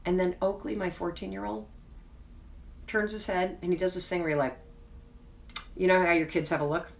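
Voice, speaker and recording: A woman's voice: on the low side, fairly even intonation, normal speed, creaky, recorded from a distance. A woman hosting her own video, telling a personal story in a frank, chatty, self-deprecating way and closing with an earnest, reassuring pep talk. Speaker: host. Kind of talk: candid personal storytelling to camera.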